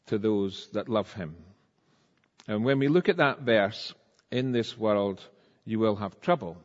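A man preaching a sermon in a conversational, animated way, acting out the quotes he tells. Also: medium pitch. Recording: dull sound with long reverb in a church hall.

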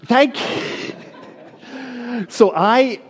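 A middle-aged American man from New Jersey with an American accent, reading scripture and preaching a sermon in an expressive storytelling manner. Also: drawn-out words. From New Jersey, USA. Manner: expressive storytelling delivery, lively swings of pitch.

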